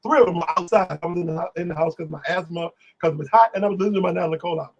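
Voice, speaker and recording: A man guest, telling animated stories in casual talk, singing bits of lyrics and acting out voices. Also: high voice, racing, muffled recording, a little hiss or hum. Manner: animated, exclamatory, sings lyrics and acts out voices. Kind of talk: casual storytelling on a live stream.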